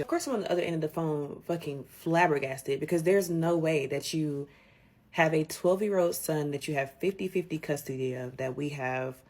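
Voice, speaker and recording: A woman telling a personal story in an indignant, animated rant with swearing. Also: low-pitched.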